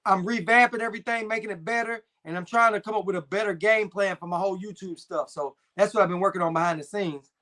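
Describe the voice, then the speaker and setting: A man's voice: high-pitched, steady tone, quick pace, bright, forceful tone. A young adult man hosting a live stream, chatting casually with slang and reading viewer comments. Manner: laid-back slangy banter, frequent fillers.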